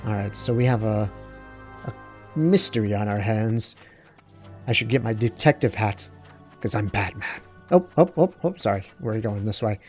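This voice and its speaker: A man's voice: lowish voice, animated, moderate pace, darkish tone, soft background music. A man hosting a let's play, talking through his game in a rambling, digressive, self-deprecating way. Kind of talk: casual gameplay commentary.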